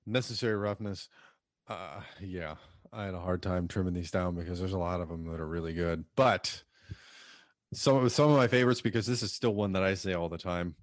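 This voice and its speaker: A man's voice: sits low, fairly quick, dry recording, studio quality. A man co-hosting a podcast, chatting casually and reciting movie quotes with gusto. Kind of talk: casual chat.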